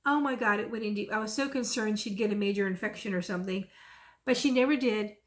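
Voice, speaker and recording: A woman's voice: medium pitch, quick pace. A middle-aged woman, chatting casually about her cross stitch and telling rambling stories. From Texas. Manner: chatty, rambling, lively when retelling stories. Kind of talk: casual chat and storytelling.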